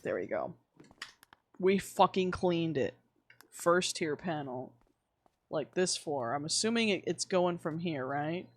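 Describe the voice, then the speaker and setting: A woman's voice: low voice, takes it slowly, long pauses. Swearing, rambling young woman streamer. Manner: swearing, rambling, and animated with sudden outbursts. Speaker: livestreamer. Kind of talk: casual chat while gaming.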